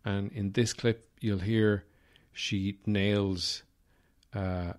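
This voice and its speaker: A man's voice: on the low side, fairly even intonation, very slow, smooth. An Irish man hosting a podcast, rambling through a wry comic monologue with lots of fillers. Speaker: podcast host. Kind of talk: casual comedic monologue.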